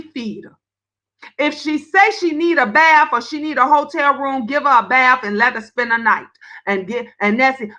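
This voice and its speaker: Woman host of a live talk stream, high-pitched and bright, blunt and emphatic. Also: rough recording. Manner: blunt, emphatic, profane, animated storytelling.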